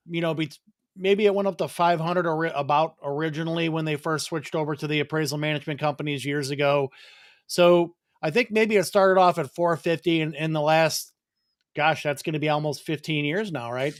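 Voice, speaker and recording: A man speaking as a guest, explaining in a measured way with some hesitant fillers. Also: a little high, clean tone, dry recording, clean studio sound. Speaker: loan officer guest. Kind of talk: casual explanatory answers.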